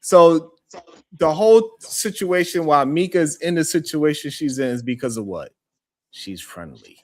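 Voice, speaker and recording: Lively, slightly high male debater, insistent. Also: unhurried. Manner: insistent, acts out friendly greetings. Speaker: panelist. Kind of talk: heated casual debate.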